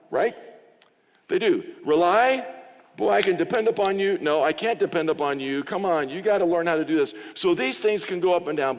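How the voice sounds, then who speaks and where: A middle-aged man preaching in a church, his slightly high voice carrying a long reverb through the hall. He talks conversationally and slips into little quoted exchanges as he goes. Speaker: pastor. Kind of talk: sermon. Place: church sanctuary.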